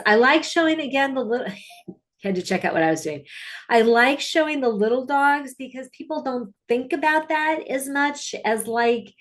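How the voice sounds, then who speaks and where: A woman dog trainer talks casually over her training videos. She is chatty and upbeat, scattering fillers and side comments. Her voice sits at an ordinary middle pitch.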